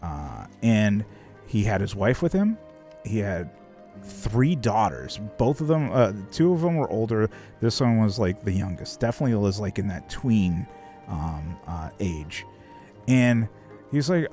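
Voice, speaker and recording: A male streamer tells a story in an animated voice that rises and falls a lot. He swears often and fills his speech with "like" and "um". Faint music plays underneath. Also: on the low side, measured pace. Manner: swears a lot, rambling with many fillers. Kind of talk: casual chat on a live stream.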